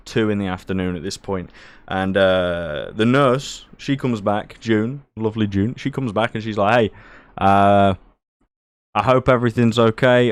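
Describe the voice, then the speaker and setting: A man's voice: on the low side, clean tone, no room sound. A young man tells a personal story in a casual, crude and jokey way, swearing freely. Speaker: streamer.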